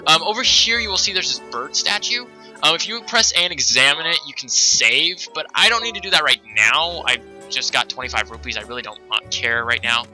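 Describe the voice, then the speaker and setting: A man hosts a let's play, rambling through video game commentary with plenty of ums and asides. His voice is bright and animated, with game music faint behind him. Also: fairly high pitch, fairly quick, low-quality recording. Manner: rambling, many fillers.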